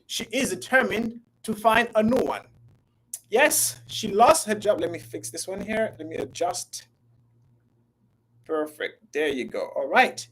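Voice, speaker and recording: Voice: mid-range voice, fairly bright tone, breathy edge, low-quality recording. An English teacher giving a live online grammar lesson, repeating phrases and calling out to viewers by name. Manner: repetitive, drawn-out, talks to viewers by name.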